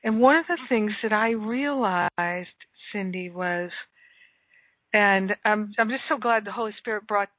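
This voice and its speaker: A woman's voice: medium pitch, measured pace, no echo. A middle-aged woman hosting a casual spiritual conversation, sharing reflective stories with many fillers and restarts. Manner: warm reflective storytelling with fillers. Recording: tinny phone line, dry.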